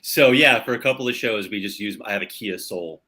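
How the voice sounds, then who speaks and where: A man's voice: fairly low pitch, fairly quick, sharp tone. A young man from Los Angeles, a touring musician, chatting casually in an interview over a video call, laid-back and rambling with lots of fillers. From Los Angeles, San Fernando Valley.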